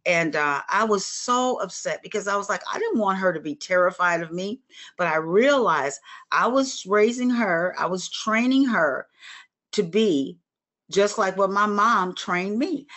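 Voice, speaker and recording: A woman's voice: medium pitch, animated, moderate pace, fairly bright tone. A woman in her sixties teaching a Bible study in an earnest, motherly, conversational way, speaking straight to her listeners.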